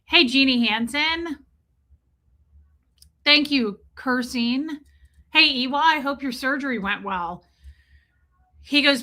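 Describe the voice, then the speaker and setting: A woman's voice: high-pitched, unhurried, long pauses, pushed and bright. A woman hosting a casual livestream, chatting and rambling while greeting viewers by name. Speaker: livestream host.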